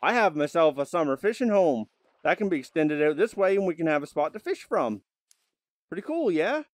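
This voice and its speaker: A man casually commenting on his gameplay, chatty and animated, sometimes bursting into loud exclamations and coaxing animals and his dog. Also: on the high side, fairly quick, no echo. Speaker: gaming video host.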